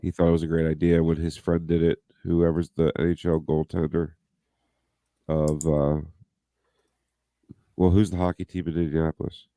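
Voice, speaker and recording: A man with a low, deep voice co-hosts a casual podcast. He reads news items aloud and breaks off into profane jokes. The sound is dry and close to the mic. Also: flat delivery, moderate pace, long pauses, warm tone, no echo. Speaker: podcast co-host.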